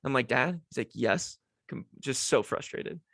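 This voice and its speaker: A man's voice: mid-range voice, brisk, a bit bright, dry recording. A young man hosting his own podcast, telling a childhood story in a rambling, self-deprecating way with lots of restarts. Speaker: podcast host. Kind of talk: casual storytelling monologue. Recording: dry home setup.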